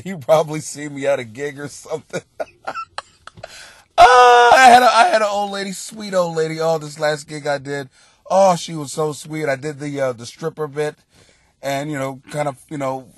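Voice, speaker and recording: A middle-aged man hosting a comedic advice podcast, rowdy and profane, often breaking into loud laughter. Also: high voice, no room sound. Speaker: podcast host giving advice.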